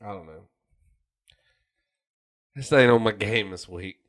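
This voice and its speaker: A man's voice: fairly low pitch, takes it slowly, fairly bright tone. A man co-hosting a podcast, telling stories in a profane, rambling way. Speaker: podcast co-host. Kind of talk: casual chat.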